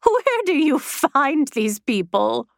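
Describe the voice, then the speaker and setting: A woman voicing a haughty young female ghost with a high-pitched, nasal voice and a scornful manner. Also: big pitch swings, takes it slowly, smooth, no echo, clean studio sound, heavily acted.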